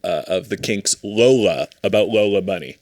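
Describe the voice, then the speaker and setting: A man co-hosting a comedy podcast, tossing out quick deadpan jokes and wordplay. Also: lowish voice, no echo, studio quality. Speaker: podcast co-host. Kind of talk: casual comedic chat.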